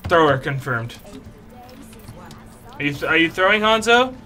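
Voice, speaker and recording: Young gamer guy ranting over his match, voice worn from yelling, bright tone, drawls slow, goes way up and down. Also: a little high, sing-song, soft background music. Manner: swings between muttering and yelling in frustration. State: strained voice from yelling. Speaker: gaming YouTuber. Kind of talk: live gameplay commentary.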